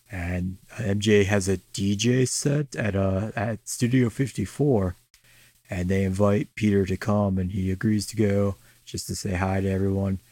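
A man's voice: low-pitched, dark tone, no room sound. A young man co-hosting a casual chat, swearing freely and making sarcastic jokes. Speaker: podcast co-host.

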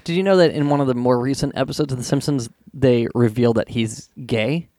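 A man's voice: medium pitch, brisk, darkish tone, no room sound, studio quality. A man co-hosting a comedic podcast, chatty and teasing. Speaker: podcast co-host. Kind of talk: casual comedic chat.

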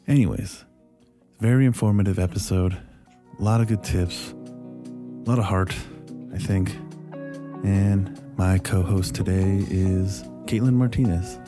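A man hosting a podcast, talking in a relaxed, rambling, slightly self-deprecating way. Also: sits low, unhurried, music in the background. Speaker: podcast host. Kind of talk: casual podcast chat. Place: Las Vegas studio.

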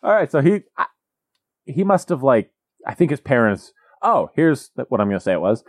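A man's voice: sing-song, normal speed, dry recording, studio quality. A man co-hosting a podcast in casual chat, sardonic and swearing freely as he jokes. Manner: sardonic, swears freely, jumps into high mock voices. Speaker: podcast co-host.

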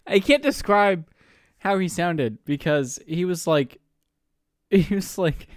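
A man's voice: high voice, sing-song, extremely slow, pauses often, a bit bright, dry recording, studio quality. A young man from the Pacific Northwest, co-hosting a podcast, telling a story in a casual way, laughing often and swearing freely. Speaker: podcast co-host.

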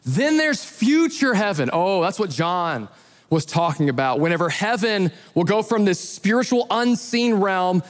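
A man who is a pastor, preaching a sermon as an animated storyteller who acts out the voices in his retellings. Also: high-pitched, measured pace, in a large hall.

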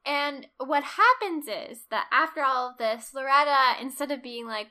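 A woman co-hosting a casual chat, retelling a film's plot in animated detail and acting out the characters' lines. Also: sits high, normal speed, few pauses. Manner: animated storyteller, acts out quotes, laughs often. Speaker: podcast co-host. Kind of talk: casual film recap chat.

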